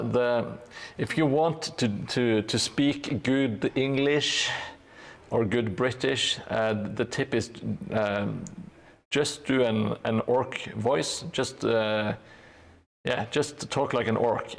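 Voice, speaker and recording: A man streaming while he paints, chatting casually in a halting way with dry, sarcastic jokes. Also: medium pitch, fairly even intonation, vocal fry. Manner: halting, with many hesitations. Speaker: hobby streamer painting a gaming board.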